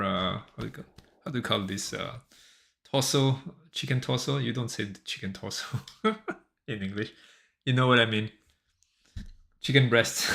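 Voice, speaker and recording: A man's voice: mid-range voice, gravelly, bright, forceful tone. A French-accented man with a slightly sore throat, chatting in a rambling, self-amused way while streaming as a solo game developer. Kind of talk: casual livestream chat.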